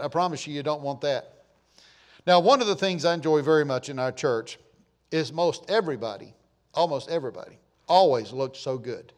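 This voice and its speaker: Folksy preacher man. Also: on the high side. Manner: folksy and joking, swings from loud to quiet. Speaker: pastor. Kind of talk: folksy sermon.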